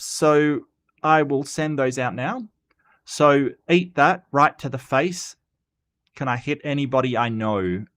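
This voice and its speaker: Guy hosting a chatty stream, kinda rough from a cold, keeps tripping over his words and joking around. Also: mid-range voice, fairly bright tone. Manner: rambling, joking, repeats himself and stumbles. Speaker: host of a commentary channel. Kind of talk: casual livestream commentary.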